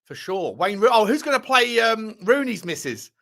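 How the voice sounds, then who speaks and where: A man's voice: high voice, very animated, moderate pace, creaky, a bit bright. A man co-hosting a football podcast, chatting in laid-back, jokey banter. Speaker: co-host. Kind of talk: casual chat.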